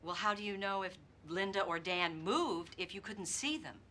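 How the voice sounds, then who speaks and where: A woman's voice: medium pitch, moderate pace, pushed and bright, slight background noise, lightly acted. An actress playing a female prosecutor cross-examining a defendant with pointed, probing questions in a TV movie courtroom drama. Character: sharp, relentless female prosecutor.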